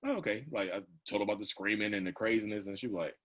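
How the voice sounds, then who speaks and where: A man's voice: lowish voice, flat delivery, rapid-fire, a bit bright. A man in his thirties talking casually as a podcast guest, rambling with lots of "like" and "you know" and laughing often. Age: 30s. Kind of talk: casual conversational storytelling.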